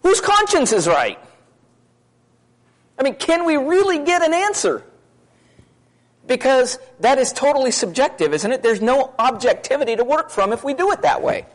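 A man preaching a sermon to his congregation, talking fast in a conversational way and asking many questions. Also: very high-pitched, very animated, rough recording.

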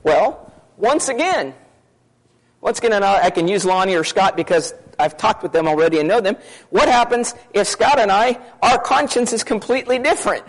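Man, high voice, sermon, fast conversational delivery, rhetorical questions. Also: expressive, poor audio. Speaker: preacher. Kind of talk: sermon to a congregation.

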